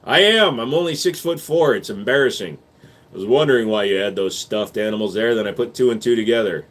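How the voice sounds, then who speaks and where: A man on a casual livestream who reads viewer questions aloud and answers them quickly. He is blunt and profane, and he turns loud and sarcastic when he argues. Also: lowish voice. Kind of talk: casual live-stream chat.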